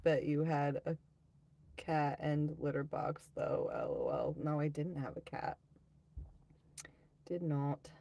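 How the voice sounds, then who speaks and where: A woman hosts a casual live stream, reading her viewers' comments aloud and answering them in a rambling, offhand way. Her voice has a rough, gravelly fry, and she talks at an unhurried, drawn-out pace. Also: sits low, mellow. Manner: rambling, offhand, quick to laugh at herself. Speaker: livestream host.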